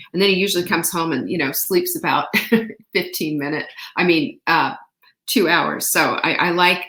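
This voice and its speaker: A woman hosting a casual motivational talk, telling a story in an animated way and acting out quotes. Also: fairly low pitch, reverberant. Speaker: host.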